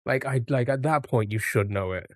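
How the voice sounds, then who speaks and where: A man's voice: medium pitch, moderate pace, no echo, studio quality. A man live streaming a music guessing game, chatting casually and reacting to his chat as he plays.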